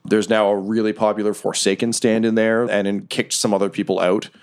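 Man, low voice, game master, relaxed narration. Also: brisk.

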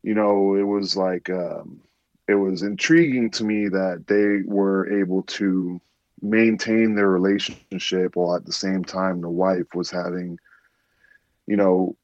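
A man's voice: deep voice, fairly even intonation, a little slow, darkish tone, no echo, muffled recording. A man in his twenties with a Southern US accent, calling in and speaking politely with hesitant fillers. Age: 20s. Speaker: caller. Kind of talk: casual phone-in chat.

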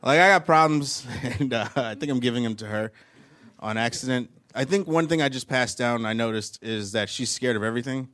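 A man's voice: medium pitch, a little fast, a bit bright. A man doing a stand-up comedy set on a live stage, telling rambling stories and often laughing at his own jokes.

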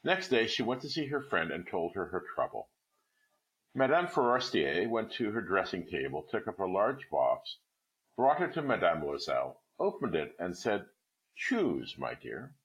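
A man reading a classic short story aloud with expressive literary narration. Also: low-pitched, moderate pace, poor audio.

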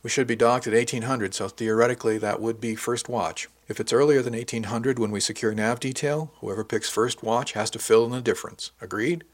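A man's voice: medium pitch, steady tone, lightly acted. A man reading the lines of a teasing, bossy young woman crew officer in an audiobook. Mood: brisk. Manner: playful, teasing, brisk.

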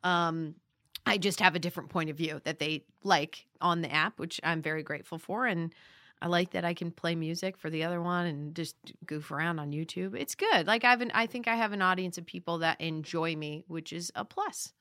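A woman from Las Vegas, an actor and comedian, chatting as a podcast guest in a bubbly, excitable way and laughing often. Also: fairly low pitch, moderate pace, dry recording, clean studio sound. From Las Vegas, United States. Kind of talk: casual podcast chat.

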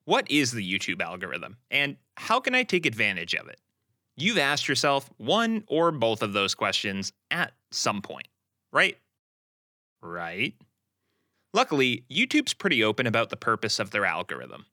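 A man hosting a scripted explainer show, with a lively delivery and playful asides. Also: mid-range voice, normal speed, dry recording, studio quality. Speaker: host.

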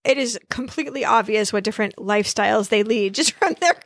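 A woman with a fairly high voice chats casually through a TV episode recap. She talks freely and sometimes quotes people in a lifted voice. The sound is dry and close. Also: animated, a little fast, no room sound. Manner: chatty, quotes others in raised voice. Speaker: podcast co-host.

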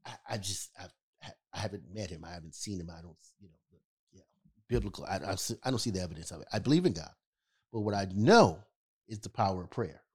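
A man's voice: deep voice, lively intonation, fast talker, a little mellow, husky. A man co-hosting a podcast, telling a story in casual chat and stressing points with a repeated "okay?". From California. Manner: emphatic, repeats "okay?" for emphasis. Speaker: podcast co-host.

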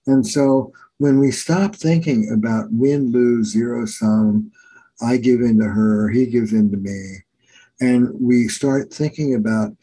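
This man, a middle-aged New Jersey therapist and author, is an animated storyteller who acts out quotes while chatting in a conversational interview. His voice is mid-range and husky, and the audio is poor.

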